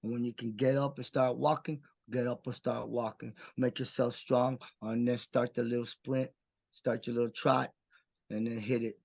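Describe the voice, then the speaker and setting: A Texas man from Mission, a guest actor on a podcast, speaks in a medium-pitched, fairly flat voice at a moderate pace, with vocal fry and a darkish tone. His talk is intense, profane and emphatic in a candid podcast conversation, captured in dull lo-fi audio.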